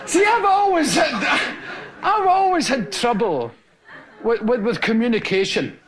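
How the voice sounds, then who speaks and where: A man's voice: very high-pitched, lively intonation, a little slow. A man with a Scottish accent telling rambling stories as a stand-up comedian on a live stage. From Scotland. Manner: rambling, swings into loud acted-out family scenes. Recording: live show with a roaring, noisy audience. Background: audience laughter.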